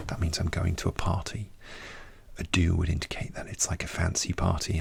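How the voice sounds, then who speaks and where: A British man talking in soft-spoken ASMR, his low voice full of gravelly fry and breathy air. He speaks slowly and gently right at the mic, often falling into a whisper. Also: little pitch movement. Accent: British English. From Britain. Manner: slow, soft speech drifting into whispers. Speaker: ASMR creator.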